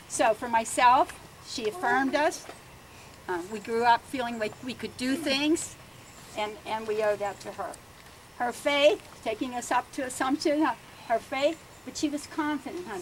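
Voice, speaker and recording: Older lady telling family stories at a garden dedication, kinda high voice, lots of "huh?". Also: slight background noise, poor audio. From Bellevue, Pennsylvania. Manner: chatty, laughing, adds "huh?" often. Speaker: family speaker at a land dedication. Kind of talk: ceremony speech, storytelling. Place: outdoors at a garden ceremony.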